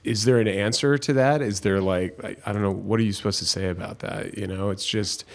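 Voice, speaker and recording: A young male host with a fairly low voice chats casually with his guest. He backs the guest up often and grows animated when he tells his own stories. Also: a little fast, vocal fry. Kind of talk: casual chat.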